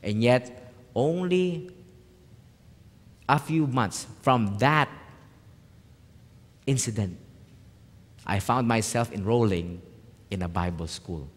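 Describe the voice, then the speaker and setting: A man, a pastor telling a personal story in a sermon, swinging from hushed lines to loud emphatic ones. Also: mid-range voice, slow, pauses often. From Philippines. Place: church hall. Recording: reverberant church hall.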